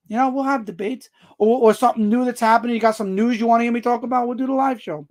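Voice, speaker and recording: Loud, jokey live-stream host, man. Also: extremely high pitch, fast, few pauses. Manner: loud, animated, jokey, answers chat comments aloud. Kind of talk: casual live-stream chat.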